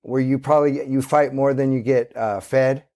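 This Santa Cruz, California man speaks with a dark, steady tone at medium pitch and a moderate pace. As a skateboarder guest in a laid-back interview, he rambles through his stories with lots of fillers and an easygoing manner.

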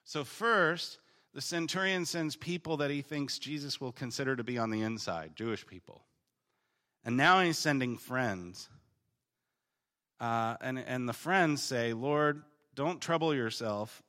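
A man teaching through a Bible passage in a casual, conversational way, paraphrasing the text in slangy voices and swinging between emphatic bursts and quiet reading. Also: mid-range voice, normal speed. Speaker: preacher teaching on the Gospel of Luke.

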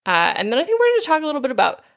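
Woman podcast co-host, casual and wry, slightly gravelly tone. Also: sits high, huge pitch swings, rapid-fire. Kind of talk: casual chat.

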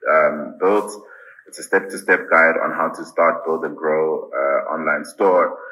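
A man speaking as a podcast guest, earnest and deliberate, often pausing with ums and repeating "I really think". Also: extremely low pitch, sharp tone, rough recording. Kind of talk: casual interview answers.

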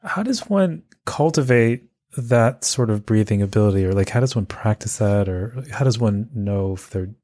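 A male host with a lowish, mellow voice asks his guest long, searching questions, pausing and restarting as he finds the words. The recording is dry and close. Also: expressive, no echo. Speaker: podcast host. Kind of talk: interviewer asking questions.

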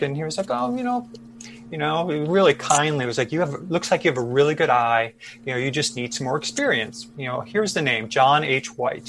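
A man's voice: mid-range voice, a bit bright. A man, telling his career story as an interview guest, rambling with many fillers and restarts. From Chicago, USA. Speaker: podcast guest photojournalist.

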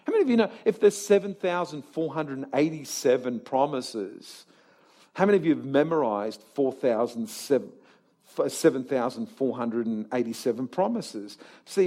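A man preaching a sermon to a live congregation, swinging from quiet talk to shouted exhortation and firing rhetorical questions at the crowd. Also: medium pitch. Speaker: pastor. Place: church service before a live congregation.

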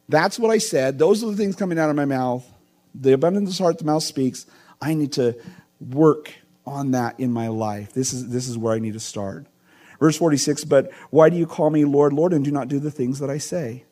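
A man's voice: on the high side, warm tone. A middle-aged male pastor giving a conversational sermon with earnest asides.

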